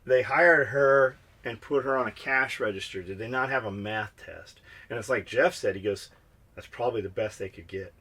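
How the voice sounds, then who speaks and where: Man, podcast co-host, casual storytelling, profane, animated, mid-pitched voice. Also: moderate pace. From United States.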